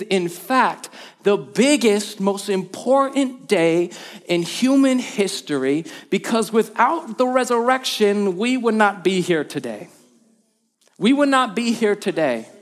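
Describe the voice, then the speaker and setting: A man's voice: fairly high pitch, animated, unhurried. A man, a lead pastor, preaching a sermon in a church with emphatic repetition and call and response. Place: church hall.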